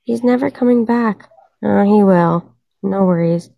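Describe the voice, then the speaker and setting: A tired woman hosts a casual livestream, her voice hoarse and gravelly. She speaks slowly and lets her pitch swing widely as she chats with viewers. The sound is dry, close and roomless. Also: no echo, highs cut off. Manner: chatty, addresses viewers in chat. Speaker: livestream host.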